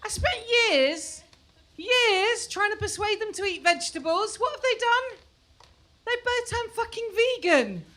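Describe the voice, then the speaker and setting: Bright, high-voiced woman doing stand-up. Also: expressive, unhurried, slight background noise. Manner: chatty, self-mocking, mimics her kids in shrill voices. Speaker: stand-up comedian. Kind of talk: stand-up comedy set. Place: comedy club stage before a live audience.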